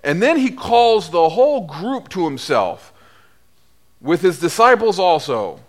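A middle-aged man preaches a sermon as a priest, retelling scripture in a casual, storytelling way. His voice sits a little high and moves animatedly, leaping up and dropping low as he acts out the people in the story. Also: a little slow. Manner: lively storytelling, acting out voices with big pitch swings.

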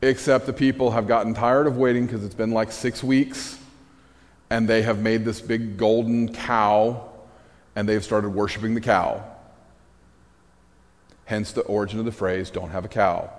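A man preaching a conversational sermon, telling the story with animated energy and wry asides. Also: fairly low pitch. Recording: echoey hall.

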